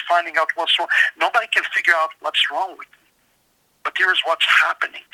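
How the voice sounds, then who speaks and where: A man with a fairly high, pushed, bright voice that's slightly scratchy tells his story as an author guest on a show. He's earnest and emphatic, stumbling and restarting repeatedly.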